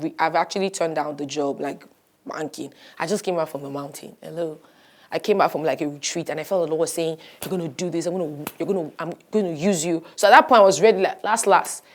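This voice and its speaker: Woman pastor, lively testimony. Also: on the low side, gravelly. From Nigeria. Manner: animated storytelling, acts out quoted voices. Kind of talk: personal testimony interview.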